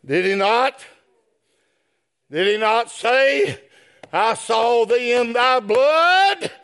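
Man, high ringing voice, gravelly, very slow drawn-out delivery, hollered sermon. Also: expressive. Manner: rises to shouted chant, drops to low asides. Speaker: preacher.

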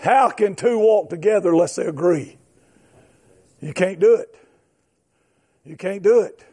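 High-voiced preacher man shouting. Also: slightly rough. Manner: fervent, shouting, drawn-out emphatic phrases. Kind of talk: sermon.

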